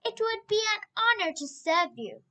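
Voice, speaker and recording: A woman voicing an eager young boy servant in a storybook reading, earnest and quick. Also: very high voice, big pitch swings, sharp tone, pitched above the performer's own voice, exaggerated voice.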